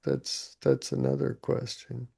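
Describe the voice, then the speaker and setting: Man, podcast co-host, slow and halting, gravelly with a very dark tone. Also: mid-range voice, monotone. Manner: halting, restarts words while explaining. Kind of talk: casual chat.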